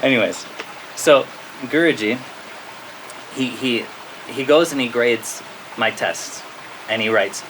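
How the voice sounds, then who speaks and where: Lively American man telling a story. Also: medium pitch, takes it slowly, long pauses, poor audio. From United States. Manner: lively storyteller, checks in with frequent "okay?" and laughs at his own story. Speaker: spiritual teacher. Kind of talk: storytelling talk to a spiritual audience. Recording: steady rain-like background noise.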